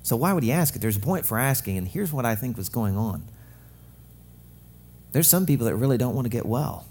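Male pastor, young adult, husky voice, animated joking sermon delivery. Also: medium pitch, fairly quick. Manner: lively, joking preacher acting out quotes.

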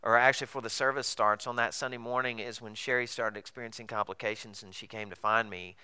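Bright, clear-voiced man preaching. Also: fairly low pitch, quick pace. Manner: conversational, animated preaching with rhetorical questions. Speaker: pastor. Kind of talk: sermon.

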